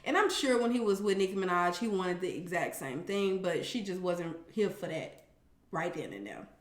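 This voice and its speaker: A woman casually recapping a reality show, animated and profane, with sassy commentary and acted-out quotes. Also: lowish voice, normal speed, echoey room.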